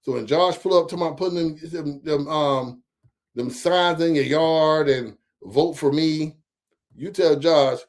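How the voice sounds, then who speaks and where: Animated profane man riffing to viewers. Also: a little high, unhurried. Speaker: host of a local commentary stream. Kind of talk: casual political commentary.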